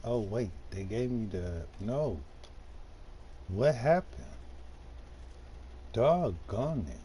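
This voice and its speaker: Man from detroit, game streamer, slow unhurried talk, mellow low-key tone, slangy casual chat. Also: expressive, a little hiss or hum. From Detroit, USA. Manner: laid-back, slangy, talks while playing. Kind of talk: casual live-stream chat while gaming.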